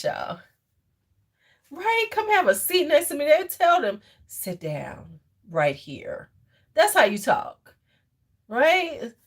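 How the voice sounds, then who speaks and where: A middle-aged woman hosting a casual home livestream, blunt and joking, swearing freely, then cooing over a toddler. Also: fairly low pitch. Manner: coos and fusses over a toddler. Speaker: livestream host. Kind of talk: casual live chat with viewers.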